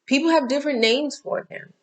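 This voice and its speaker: A woman's voice: high voice, a little fast. Candid woman giving a spiritual talk. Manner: candid, repetitive, emphatic, occasional cursing. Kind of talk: casual spiritual talk to camera.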